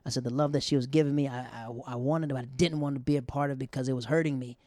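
A man telling a comic personal story in a loose, animated way, slipping into other people's voices. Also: medium pitch, quick pace, no room sound.

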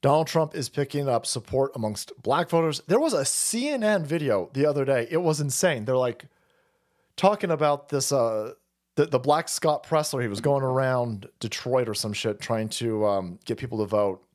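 A man's voice: medium pitch, expressive, normal speed, a little mellow. A man streaming a profane political rant, repeating himself and cursing heatedly. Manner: foul-mouthed, repetitive, heated.

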